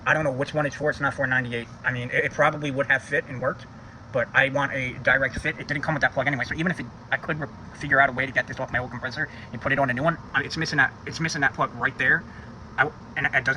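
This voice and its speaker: A man's voice: medium pitch, sharp tone, slight background noise. A man talking casually while he works on his car, thinking aloud and swearing freely. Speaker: car vlogger. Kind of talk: casual DIY repair vlog. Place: home driveway by a car.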